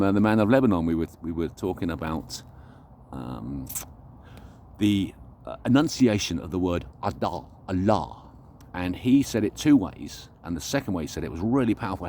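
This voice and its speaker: A man's voice: low-pitched, a little mellow, slight background noise. A man vlogging an unscripted, reflective monologue, talking earnestly and searching for his words as he goes.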